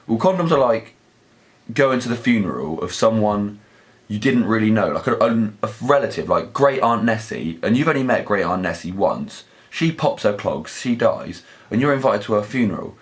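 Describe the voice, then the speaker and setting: A young man, telling crude, sweary, rambling stories in a casual vlog. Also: fairly low pitch. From southern England. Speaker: vlog host. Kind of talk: casual anecdotal storytelling.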